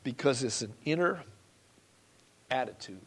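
A man's voice: medium pitch, lively intonation, measured pace, a bit bright, slightly rough. A man preaching a sermon as pastor, emphatic, repeating key phrases and putting questions to the congregation.

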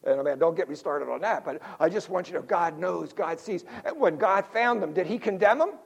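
Older man preaching, fairly high voice, joking, animated, sudden quiet asides. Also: a little fast, vocal fry, husky. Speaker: pastor. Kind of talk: sermon.

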